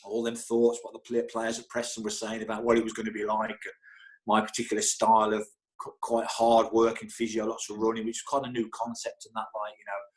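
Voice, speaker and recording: Speaking briskly in a fairly low, utterly flat voice, a middle-aged football club physio sits as an interview guest. His casual anecdotes come out animated nonetheless, peppered with stumbles, restarts and chuckles.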